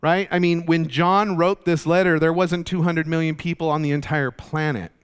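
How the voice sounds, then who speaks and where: A man's voice: fairly high pitch, fairly even intonation, moderate pace, clean tone. A man teaching a Bible study in a conversational, explanatory way, with many fillers and restarts.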